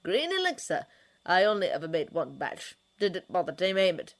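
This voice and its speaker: A woman reading a fanfiction story, voicing a smooth-talking older male ruler who is patient and condescending. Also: lowish voice, big pitch swings, normal speed. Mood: evasive.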